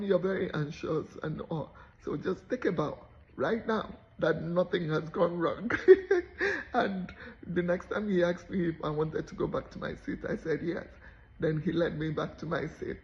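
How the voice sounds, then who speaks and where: A woman tells a personal story as a motivational talk. She is animated and slips into the voices of the people she describes. Her voice has a gravelly edge, and the recording is a little dull and lo-fi. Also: sits low. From Nigeria. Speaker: motivational speaker.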